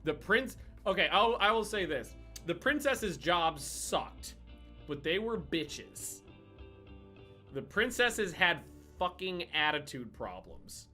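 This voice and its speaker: Profane, bright-voiced gaming host telling stories. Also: male voice, sits high, slow, soft background music. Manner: profane, animated, rambling anecdotes with restarts. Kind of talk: casual storytelling over gameplay.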